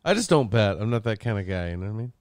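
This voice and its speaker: A man co-hosts a podcast in relaxed banter and holds his ground flatly. His voice is low, recorded close and dry with no echo. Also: very fast. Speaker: podcast co-host. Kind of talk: casual chat.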